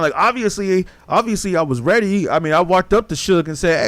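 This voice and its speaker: A man's voice: a little high, lively intonation, brisk, hardly any pauses, a bit bright, no echo. A man hosting a podcast, telling a story casually in a rambling, profane way and acting out what people said. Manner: rambling, profane, acts out quotes. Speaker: podcast host.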